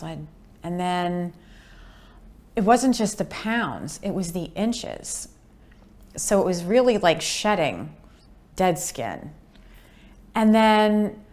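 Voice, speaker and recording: Slow, earnest woman in her fifties. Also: mid-range voice. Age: 50s. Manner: earnest, unhurried, acts out quoted voices. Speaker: patient sharing her story. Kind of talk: testimonial interview.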